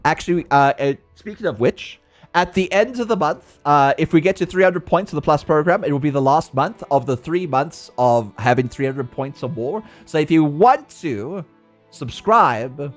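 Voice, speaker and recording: A chatty, playful man streaming a game with a fairly high, very lively voice that jumps around. He slips into baby talk and sudden jokey yelps, and faint music plays behind him. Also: normal speed. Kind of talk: casual live-stream gameplay commentary.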